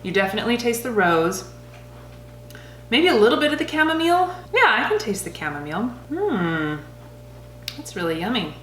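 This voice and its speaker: A woman's voice: fairly high pitch, sing-song, normal speed, pauses often, fairly bright tone, reverberant, a little hiss or hum. Chatty woman mixing cocktails at home. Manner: chatty, thinks aloud while mixing. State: out of breath after shaking. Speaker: cocktail reviewer. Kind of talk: casual cocktail-making vlog.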